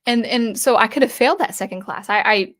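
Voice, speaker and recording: A woman's voice: fairly high pitch, a little fast, fairly bright tone. A woman hosting her channel, casually recounting a personal story with frequent restarts, asides and acted-out dialogue. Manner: acts out remembered dialogue with shifts in tone. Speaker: electronic music composer and channel host.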